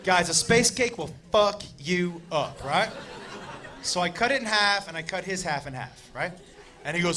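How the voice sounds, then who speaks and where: A man's voice: sits high, animated, moderate pace, slight background noise. A man doing stand-up storytelling, profane and punchline-driven, on stage before a live audience. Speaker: stand-up comedian. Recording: comedy club with loud audience.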